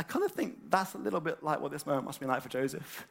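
A man preaching a sermon, animated and conversational, with many fillers and repeated words. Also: fairly high pitch, fast, creaky. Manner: animated, acts out excited quotes.

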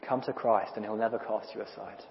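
A man preaching a sermon in a conversational, animated way, with quick asides and small restarts. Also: lowish voice, vocal fry, slight background noise. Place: church. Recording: dull lo-fi recording in a reverberant church hall.

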